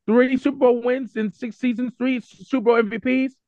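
A man's voice: very high voice, fairly even intonation, moderate pace, no room sound. A man co-hosting a sports podcast, insistent in casual debate, cutting in and pressing his point. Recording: dry, dull lo-fi audio.

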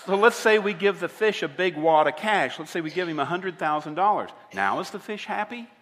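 A man's voice: high-pitched, lively intonation, fairly quick, fairly bright tone, long reverb tail. A man preaching a sermon as a pastor, emphatic and asking his listeners direct questions. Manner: emphatic, asks the audience rhetorical questions.

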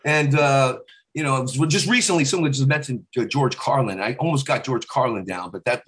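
A male comedian chatting on a podcast, his words tumbling out at a fast clip. He keeps breaking into snatches of celebrity voices mid-sentence, the whole delivery loose and animated. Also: medium pitch. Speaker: comedian and impressionist. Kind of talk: casual chat. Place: podcast studio.

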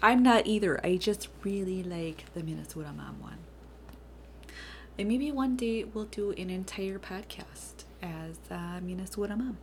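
A woman's voice: medium pitch, measured pace, a little mellow, slight background noise. A woman co-hosting a casual podcast, playful and jokey, swearing now and then. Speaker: podcast co-host. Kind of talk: casual chat.

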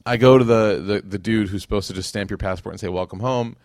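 A man, giving a religious lecture as a casual, animated storyteller who acts out quotes. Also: on the low side, fast talker, no room sound, studio quality.

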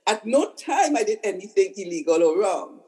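Older female psychotherapist, conversational guest, mid-pitched, leans on emphatic repetition. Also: very animated, normal speed, mellow, rough recording. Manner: repeats words for emphasis. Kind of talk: conversational storytelling.

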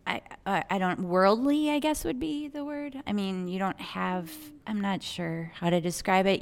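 A young woman co-hosting a casual chat, telling a chatty, animated story about a customer at her aromatherapy shop and acting out their exchange. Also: lowish voice. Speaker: podcast co-host, aromatherapy shop owner.

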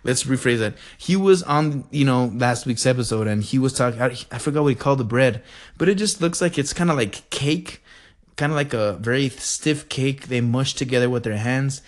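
A man from the El Paso area hosting a podcast, rambling in an animated, digressive way. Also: medium pitch, normal speed. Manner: animated, digressive, says "freaking" a lot. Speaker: podcast host. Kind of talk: rambling casual monologue.

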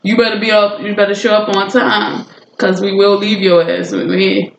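A woman's voice: mid-range voice, level tone, normal speed, gravelly, dull audio. A woman co-hosting a casual podcast, telling school stories in a rowdy, profane way. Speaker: podcast co-host. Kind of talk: casual chat. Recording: echoey room with noise.

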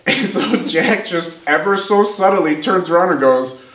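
A man's voice: high-pitched, a little slow. A man, a podcast guest, telling a story in casual chat, laughing as he goes and acting out the people in it. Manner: animated, laughs through his stories. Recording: roomy with faint background noise.

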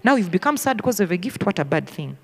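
A woman's voice: on the low side, sing-song, fast, a little mellow, big-room sound. A woman teaching in a preaching style, emphatic and direct, often acting out the voices of children. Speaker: ministry school teacher. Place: teaching hall.

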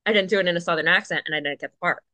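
A woman's voice: fairly low pitch, racing, sharp tone. A woman guest on a podcast, chatting casually and upbeat, laughing often as she talks. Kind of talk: casual interview chat.

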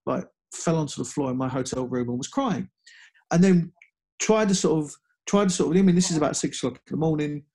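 Man telling a story, halting. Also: on the high side, creaky, darkish tone. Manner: halting, many restarts and fillers. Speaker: guest speaker. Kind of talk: casual conversational storytelling.

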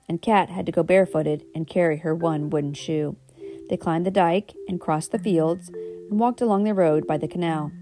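A woman's voice: fairly low pitch, warm tone. A woman reading a children's storybook aloud, with homely asides and self-corrections. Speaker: reader.

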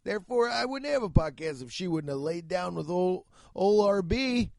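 A man's voice: sits high, lively intonation, normal speed, vocal fry, darkish tone, no echo, clean studio sound. Profane, ranting male podcast host. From United States. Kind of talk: solo comedic podcast rant.

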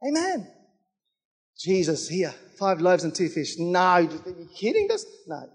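Fervent high-voiced man preaching. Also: huge pitch swings, a little slow, husky. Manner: fervent, rhythmic preaching with repeated calls to the church. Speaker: pastor. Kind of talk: sermon.

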